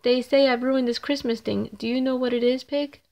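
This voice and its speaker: A gentle, sad little farm puppy from a picture book, voiced by a woman. He asks small, plaintive questions in a high, soft voice. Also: fairly even intonation, fairly quick, creaky.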